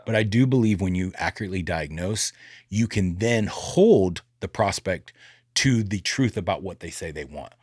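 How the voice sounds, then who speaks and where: Lively low-voiced man on a podcast. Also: normal speed, husky, no room sound, clean studio sound. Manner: animated, joking, acts out dialogue. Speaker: sales podcast host. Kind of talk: casual podcast chat.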